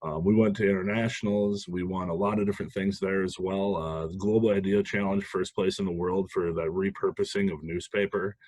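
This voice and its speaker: A man from Minnesota, a guest on a podcast, telling stories from his past in an animated, casual way and laughing often. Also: sits low, fairly quick, few pauses. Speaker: podcast guest, sales manager. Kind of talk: casual storytelling interview.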